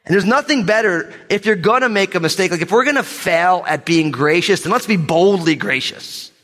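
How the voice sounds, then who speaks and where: A man preaches with bright energy, slipping in jokes and calling out for amens. His voice sits a little high for a man. The sound rings with the long reverb of a church sanctuary. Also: normal speed. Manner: animated, joking asides, calls for amens. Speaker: pastor. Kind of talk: sermon.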